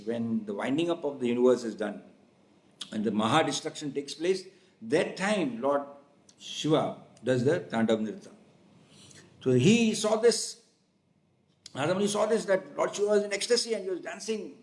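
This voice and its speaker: A man telling a devotional story, narrating with lively asides and restarts. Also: medium pitch, normal speed, echoey room, rough recording. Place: temple town.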